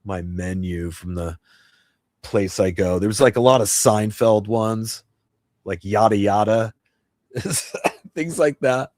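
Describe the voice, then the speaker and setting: A man hosting a casual live stream, chatting in a rambling way with restarts and sudden excited bursts. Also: lowish voice, slow pace, long pauses, no room sound, clean studio sound. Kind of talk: casual livestream chat.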